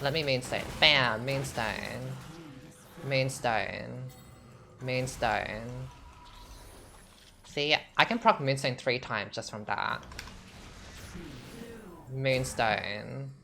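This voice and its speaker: A woman's voice: extremely low pitch, drawn-out words, gravelly, long pauses, bright, forceful tone, slight background noise. A young woman, chatting sassily through casual gameplay commentary, with lots of "like". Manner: chatty, sassy, filler-heavy with lots of "like". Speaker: gaming streamer. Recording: game music playing behind.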